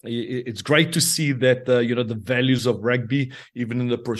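A middle-aged man with a South African accent, a former rugby prop telling lively stories in casual chat and acting out quotes. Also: mid-range voice, brisk. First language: Afrikaans. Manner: animated storyteller, acts out quotes, laughs often.

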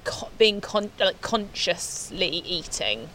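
A young woman talks casually on a podcast, laughing easily and swearing in passing. Her pitch sits in the middle, and a faint hiss lies under the recording. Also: sing-song, slow pace, pushed and bright. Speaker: podcast guest. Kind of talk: casual chat.

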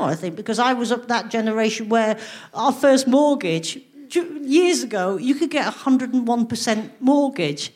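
A woman performing live stand-up, telling stories in a dry, wry way with lots of rhetorical asides. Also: fairly high pitch. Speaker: stand-up comedian and co-host. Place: live venue.

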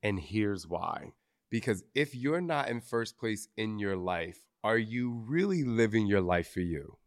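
A man's voice: lowish voice, very animated, measured pace. A man hosting a live podcast recording, talking candidly and emotionally to an audience, swearing casually. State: briefly tearful. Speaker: podcast host.

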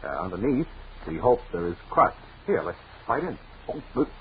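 A man hosting a 1940s radio comedy show, trading brisk deadpan banter. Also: mid-range voice, a little hiss or hum. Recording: tinny old radio broadcast with roomy echo and music.

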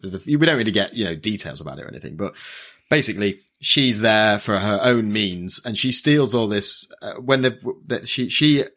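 A man with a fairly low voice chats loosely on a podcast. He wanders through his retelling, stopping and restarting, and leans on plenty of ums and uhs as he goes. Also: lively intonation, normal speed, fairly bright tone. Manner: rambling, hesitant, many fillers and restarts. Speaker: podcast co-host. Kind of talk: casual chat recapping an anime.

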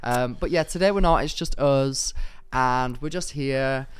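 A man's voice: medium pitch, a little slow, slight background noise. A young man co-hosting a podcast in casual, teasing chat. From Manchester, England. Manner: teasing, bursts into excited squeals. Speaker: podcast co-host.

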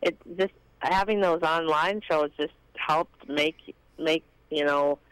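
A woman's voice: low voice, takes it slowly, clear, resonant tone, no echo, rough recording. A woman chatting on a radio show, rambling and hesitant, with many fillers. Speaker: guest co-host. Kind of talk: casual on-air chat.

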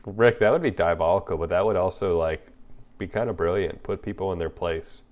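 A man's voice: low-pitched, brisk, a little mellow. A man co-hosting a podcast in casual chat, with dry, teasing banter. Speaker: podcast co-host.

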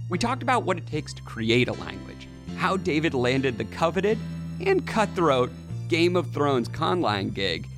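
A man hosting a podcast, reading a lively scripted intro and then joking casually with his guest. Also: mid-range voice. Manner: lively, jokey, self-mocking. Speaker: podcast host.

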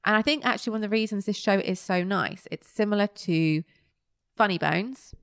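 A woman's voice: mid-range voice, fairly quick, vocal fry, a bit bright, smooth, no echo. Young woman podcasting, chatty, acts out bits, dead dry sound. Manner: chatty, retells scenes with quoted voices. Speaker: podcast co-host. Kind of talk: casual chat reviewing a kids' show.

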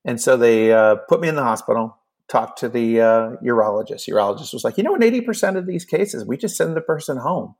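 A man in his fifties tells a long personal story in a relaxed, chatty way. His voice is gravelly and a bit husky, and he slips into the lines of the other people in the story as he goes. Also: medium pitch, fast. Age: 50s. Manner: animated storyteller acting out both sides of a conversation. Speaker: guest. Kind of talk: casual storytelling.

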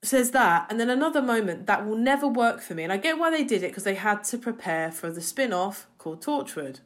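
A woman co-hosting a podcast, chatting in an animated way and often repeating words. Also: a little high, a little fast. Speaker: podcast co-host. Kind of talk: casual chat.

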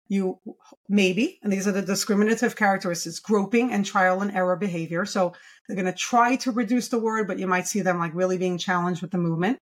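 A woman in her forties, a children's speech therapist, explaining speech errors in a podcast interview and saying sample sounds aloud. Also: medium pitch. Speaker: pediatric speech-language pathologist.

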